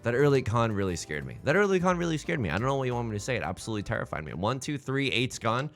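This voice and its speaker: A man hosting a let's play, giving excitable, jokey commentary full of exclamations as he plays. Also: medium pitch, racing, few pauses, faint music behind. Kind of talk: live gameplay commentary.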